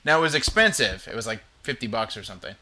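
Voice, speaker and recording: Male host, chatty and loose, with a very bright tone. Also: mid-range voice, animated, fast talker. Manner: chatty, rambling storytelling. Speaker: podcast host. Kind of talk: casual chat.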